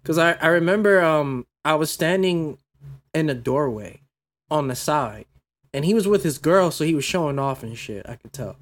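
A man's voice: a little high, expressive, moderate pace. A man who makes video content, chatting casually and telling a story, tired and swearing freely. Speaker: content creator. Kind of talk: casual chat.

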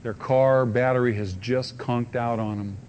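Man preaching, loud then hushed. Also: medium pitch, fairly even intonation, a little slow, slight background noise. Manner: swings from loud preaching cries to hushed, soft pleading. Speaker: pastor. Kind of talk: sermon.

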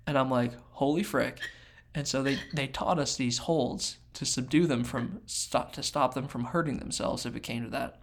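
A man in a relaxed, animated storytelling voice. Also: medium pitch, moderate pace. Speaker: podcast co-host. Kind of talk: casual storytelling chat.

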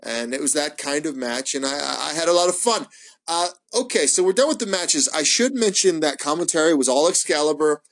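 Casual solo host, male, slightly high voice, swears a lot, rambles with many ums. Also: a little fast. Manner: profane, excitable, rambling with many fillers. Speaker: wrestling podcast host.

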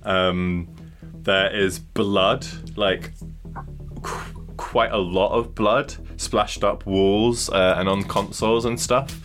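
Guy game-mastering, low-ish bright voice, rambling with lots of likes and uhs, faint music behind. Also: steady tone, slow. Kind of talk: casual narration of a tabletop game.

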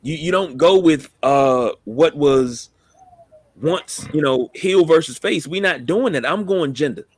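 A man co-hosting a casual wrestling chat, animated and slangy, often stammering as he pitches ideas. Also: a little slow, no echo. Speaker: podcast co-host.

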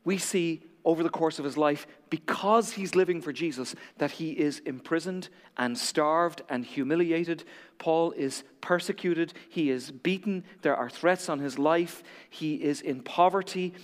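A man preaching a sermon as a pastor, telling a story dramatically, dropping to a hush and then building to emphatic peaks. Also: on the high side, a little slow, big-room sound.

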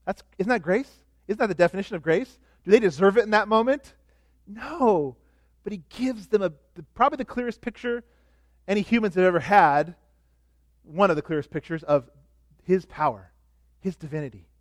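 A middle-aged man preaching a sermon as pastor, animated, dropping to soft asides. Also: sits high, normal speed, dry recording, studio quality.

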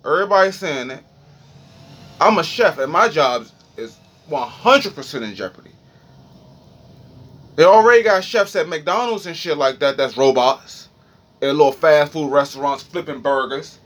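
Young man with a D.C. accent, high-pitched, rambling profane freestyle monologue. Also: animated, moderate pace, a bit bright. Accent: Washington, D.C. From Washington, D.C. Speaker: streamer.

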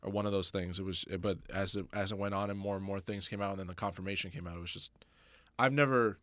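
A man talking as a guest on a podcast, fast and halting, with many restarts. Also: low-pitched, steady tone, fairly bright tone, dry recording. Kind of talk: casual podcast chat.

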